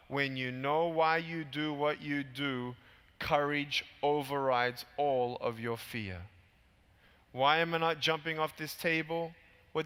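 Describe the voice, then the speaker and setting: A man's voice: bright, forceful tone, clean tone. Emphatic man speaking in a big reverberant hall. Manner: emphatic, punchy, rises high when stressing points. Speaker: keynote speaker. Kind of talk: motivational keynote speech. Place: large convention hall.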